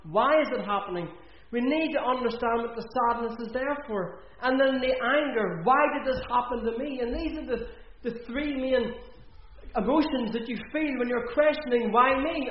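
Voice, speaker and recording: A man preaching an earnest sermon in a church, repeating phrases for emphasis. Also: very high voice. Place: church hall. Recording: echoey, dull church recording.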